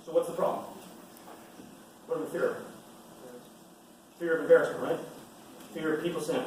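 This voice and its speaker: A man's voice: fairly high pitch, fairly even intonation, moderate pace, long pauses, a little mellow, slight background noise. Emphatic man in an echoing hall. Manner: emphatic, repeats key points. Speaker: retired Navy SEAL speaking to students. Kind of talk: motivational talk. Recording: echoey hall from far off.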